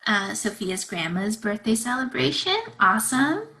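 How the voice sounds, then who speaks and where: A woman's voice: fairly high pitch, big pitch swings, moderate pace, bright, forceful tone, rough recording. A woman on a video call reading children's chat replies aloud in a cheerful way.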